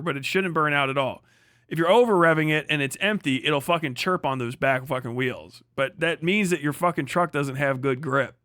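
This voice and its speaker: Male streamer, profane scornful rant, slightly high voice, dry close mic. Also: dry recording. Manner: swearing heavily, mocking, animated. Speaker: livestream host.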